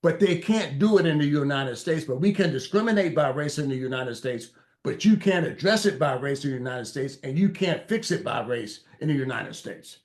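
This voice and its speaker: A man's voice: fairly high pitch, lively intonation, moderate pace, darkish tone. A man who is a guest on a radio interview, speaking emphatically with repeated phrases and some stammering. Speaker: guest, farmer advocate.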